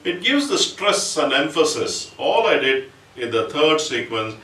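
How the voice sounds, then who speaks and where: A percussion teacher with a fairly high, sing-song voice talks a little slowly in a bright, forceful tone, patiently walking through each step of the lesson and chanting rhythm syllables. He's far from the mic in a roomy space, with faint music and an instrument playing behind him.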